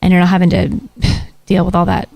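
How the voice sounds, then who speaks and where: A woman's voice: lowish voice, completely flat delivery, a little fast, darkish tone, no room sound. Chatty woman co-hosting, dry sound. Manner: chatty, laughs easily. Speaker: podcast co-host. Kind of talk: casual chat.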